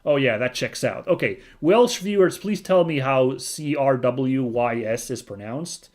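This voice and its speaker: A man streaming a story game, reading its narration aloud and breaking into chatty, excited asides. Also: medium pitch, a little slow. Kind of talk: reading game text aloud with casual commentary.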